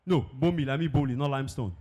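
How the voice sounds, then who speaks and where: A man's voice: mid-range voice, quick pace, dark tone. A man gives a technical presentation on animal feed to an audience of farmers, explaining step by step and putting questions to the room. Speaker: industry presenter. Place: conference hall with a live audience.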